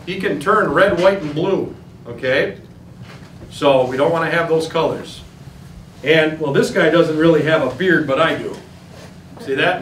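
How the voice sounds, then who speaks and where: A man's voice: on the high side, fairly bright tone, slight background noise. A man with an Upper Midwest American accent giving a plain, folksy, step-by-step demonstration for hunters. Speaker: turkey hunting instructor. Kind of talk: outdoor demonstration talk to hunters. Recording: roomy sound, voice from a distance, faint ambience.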